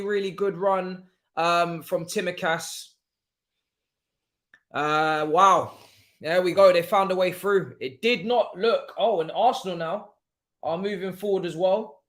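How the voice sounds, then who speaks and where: A man with a slightly high voice hosts a live football watchalong. He talks casually between plays and gets loud and excited when something big happens. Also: a little slow. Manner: excitable, jumps from calm chat to loud cheering. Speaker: livestream watchalong host.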